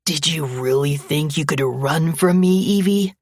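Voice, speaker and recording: A menacing abusive young man, growling and sneering his threats in a low, slow, husky voice, as a woman reads him. The sound is dry and close, with no room around it. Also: darkish tone, dry recording. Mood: threatening.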